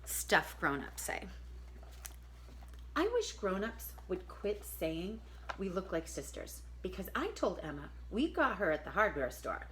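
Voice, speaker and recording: A woman with a slightly low voice reads a book of poems aloud to a group of children. She reads expressively and breaks off now and then for friendly asides to her listeners. A faint hum of noise sits behind her. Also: very animated, a little slow, a bit bright. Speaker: reader.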